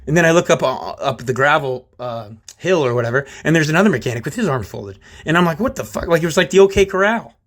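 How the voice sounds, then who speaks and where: A man's voice: a little high, animated, fast talker, hardly any pauses, a bit bright. A man telling a workplace story in a rambling, profane and indignant way, talking straight to his listeners. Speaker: channel host recounting a workplace incident. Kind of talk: casual storytelling to camera.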